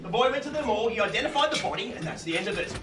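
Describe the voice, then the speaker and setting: A man's voice: high voice, sing-song, rapid-fire. A man playing a blustering crude uncle on stage. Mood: dismissive. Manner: blunt, crude, exasperated. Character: blustering, indignant middle-aged uncle. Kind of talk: stage play acting. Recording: live stage audio from a distant mic, roomy and noisy.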